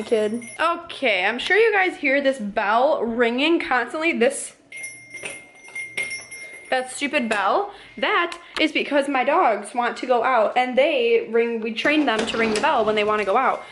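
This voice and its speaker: Young mom vlogger in her twenties, fast and rambling, with a light, highish voice and faint background noise. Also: a bit bright. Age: 20s. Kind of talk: casual ranting vlog to camera.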